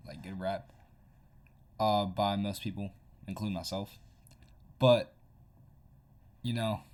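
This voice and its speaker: A man's voice: on the low side, darkish tone. A man reacting to videos on a live stream, talking in a laid-back, meandering way with lots of fillers. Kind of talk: casual reaction commentary.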